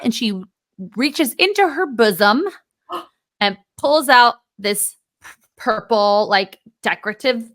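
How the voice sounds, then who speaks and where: A woman co-hosting a podcast, telling a story in a lively, casual way and acting out both sides of an argument. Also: on the high side, dry recording. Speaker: podcast co-host.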